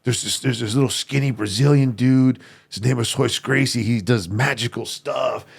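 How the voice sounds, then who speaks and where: A man, a former deputy sheriff, telling animated stories in casual chat, slipping into Spanish for quoted family. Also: medium pitch, moderate pace, creaky, husky. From family from Sinaloa and Durango. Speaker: podcast guest. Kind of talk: casual storytelling.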